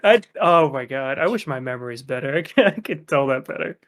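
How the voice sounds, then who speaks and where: A man's voice: medium pitch, animated, a little fast. A young man co-hosting a casual podcast, eagerly chatting and retelling a favorite scene. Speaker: podcast co-host. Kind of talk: casual chat.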